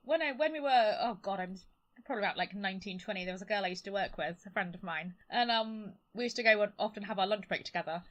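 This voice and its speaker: A woman co-hosting a podcast, chatting casually and laughing often and loudly. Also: medium pitch, fast. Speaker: podcast co-host. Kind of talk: casual chat.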